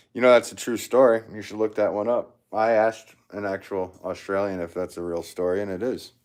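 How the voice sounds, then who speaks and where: Deep-voiced easygoing man. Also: darkish tone. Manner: rambling, easygoing, greets viewers by name. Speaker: potter livestreaming to viewers. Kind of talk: casual livestream chat.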